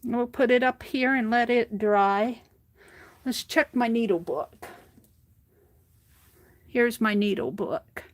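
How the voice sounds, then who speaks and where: A woman's voice: a little high, slow pace, pauses often. A woman livestreaming as she crafts at her desk, chatting casually and thinking aloud to herself as she works. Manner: talks to herself while working, thinking aloud. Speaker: crafting streamer.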